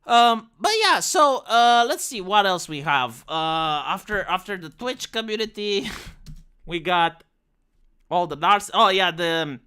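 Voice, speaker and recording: A woman's voice: medium pitch, expressive, unhurried, fairly bright tone, clean tone. A young woman streamer giving blunt, sweary casual commentary with lots of restarts, from Romania.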